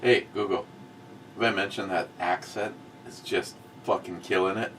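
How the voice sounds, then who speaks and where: A middle-aged man hosting a casual talk show, blunt and profane, swinging from muttered asides to loud outbursts. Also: deep voice, steady tone, moderate pace, far from the mic, slight background noise. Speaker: host of a review show.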